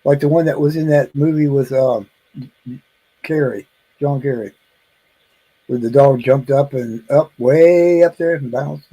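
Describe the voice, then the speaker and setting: A man co-hosting a casual live stream, reacting to jokes with easy laughter and slow, rambling remarks. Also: mid-range voice, mellow, muffled recording. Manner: slow, laughs easily, gravelly. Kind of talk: casual chat.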